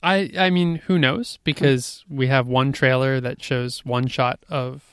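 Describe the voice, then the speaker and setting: Smooth, gravelly man in earnest chat. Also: medium pitch, steady tone, a little slow, fairly bright tone, dry recording. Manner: earnest, nerdy, detail-minded. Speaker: podcast co-host. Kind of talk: casual chat.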